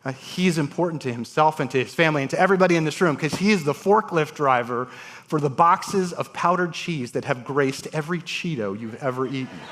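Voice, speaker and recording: A man, a transplant surgeon, telling stories on a conference stage with dramatic pauses and voiced quotes. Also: a little high, lively intonation, a bit bright. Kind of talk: storytelling talk on stage. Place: conference stage before an audience.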